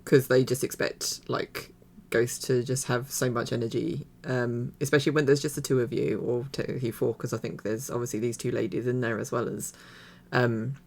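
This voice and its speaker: A woman's voice: a bass voice, steady tone, normal speed, creaky, hardly any pauses, darkish tone. A woman hosting a reaction video, chatting casually and rambling with many fillers and restarts. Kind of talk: casual commentary.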